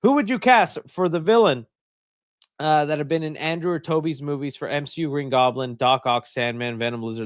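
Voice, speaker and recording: A man hosting a live stream, reading out viewer comments and answering them in an animated, chatty way, thinking out loud. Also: fairly high pitch, brisk, clean tone, no room sound, studio quality. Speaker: host.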